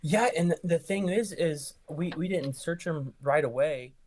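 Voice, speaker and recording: A young man, an ER nurse guest, telling work stories in casual conversation and acting out quoted lines with jumps in pitch. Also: unhurried, slight background noise. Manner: animated, acts out quoted lines with rising pitch. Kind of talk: casual storytelling.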